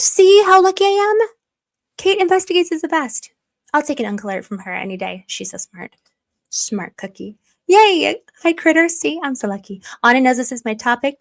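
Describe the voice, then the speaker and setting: Bubbly woman chatting on a livestream. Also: a little high. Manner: bubbly, gushing at viewers, rambling. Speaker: livestream host reading chat. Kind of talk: casual livestream chat. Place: at home.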